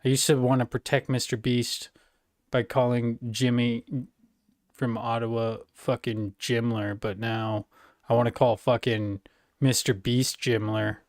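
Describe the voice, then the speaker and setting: A man's voice: medium pitch, little pitch movement, a little slow, dry recording, clean studio sound. A man hosting a reaction show, commenting in a blunt, profane way. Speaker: host reacting to a video.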